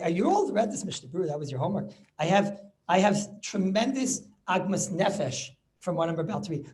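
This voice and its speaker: Animated rabbi teaching over video call. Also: male voice, sits high, a little hiss or hum. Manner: animated, repeats words, rhetorical questions. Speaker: rabbi teaching a Talmud class. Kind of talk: lively Torah class over video call.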